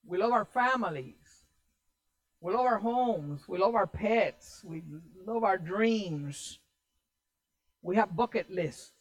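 A pastor giving a sermon in an animated, conversational way, repeating key phrases to drive them home. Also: medium pitch, takes it slowly, rough recording.

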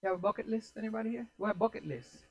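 Animated preacher repeating lines for emphasis. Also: mid-range voice, very fast, low-quality recording. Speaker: pastor. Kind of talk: sermon.

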